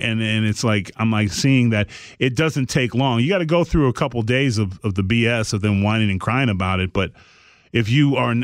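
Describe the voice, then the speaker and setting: A man's voice: mid-range voice, no room sound, clean studio sound. A middle-aged man and podcast host telling a story in casual chat, blunt and emphatic.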